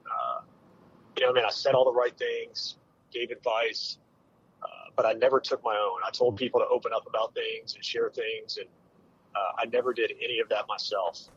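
A man in his forties, a military veteran, telling a hard personal story with candid, halting speech and many fillers. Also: mid-range voice, fairly even intonation, fairly bright tone, slightly rough, lo-fi sound. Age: 40s.

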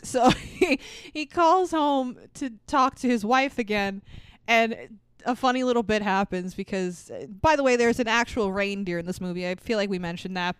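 A woman's voice: on the high side, smooth, dry recording. A woman co-hosting a podcast, recapping a movie in casual, sweary chat and laughing as she acts out lines. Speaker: podcast co-host.

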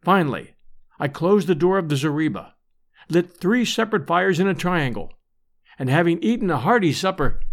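Lively, high-voiced male storyteller. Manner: measured, expressive storytelling. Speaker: audiobook narrator. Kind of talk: scripted narration.

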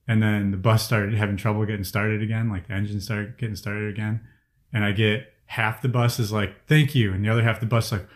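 A man's voice: on the low side, level tone, a little fast. Heated, profane man telling stories. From Chicago area. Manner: profane, heated storytelling, voice rising when angry. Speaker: guest sharing personal stories. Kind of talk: casual group conversation.

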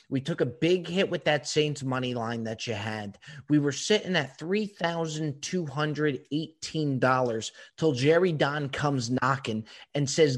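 A man's voice: medium pitch, unhurried. A man hosting a podcast, teasing his co-host with playful exasperation in casual comedic banter.

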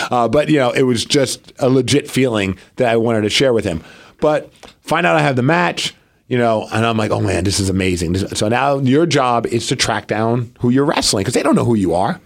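A man co-hosting a podcast, animatedly telling a story in casual chat and acting out the people in it. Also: mid-range voice. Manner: animated storytelling with quoted dialogue. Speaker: podcast co-host and local wrestler.

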